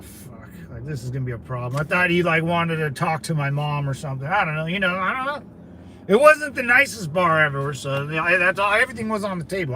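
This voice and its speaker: Brief: laid-back male streamer, high voice, rambling anecdotes, noisy street behind him. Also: sharp tone. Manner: laid-back, rambling, calls listeners brother. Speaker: livestream host. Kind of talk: casual storytelling to chat.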